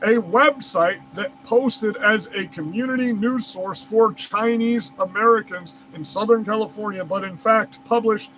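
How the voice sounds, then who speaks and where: A man's voice: high-pitched, measured pace, few pauses, a bit bright, a little hiss or hum, rough recording. A man reads news aloud and breaks off into heated, profane, incredulous rants as a commentary host. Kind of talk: reading news aloud and ranting over it.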